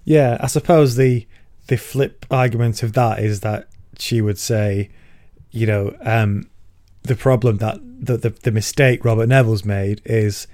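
A man's voice: on the low side, unhurried, a little mellow, dry recording. A man co-hosting a casual book podcast, explaining ideas in a thoughtful, hesitant way with repeated words. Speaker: podcast co-host. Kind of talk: casual book-club chat.

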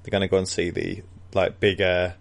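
A man's voice: low-pitched, monotone, a little fast, vocal fry. A man co-hosting a podcast, casually recapping a book chapter in a rambling way, with frequent laughs and many fillers.

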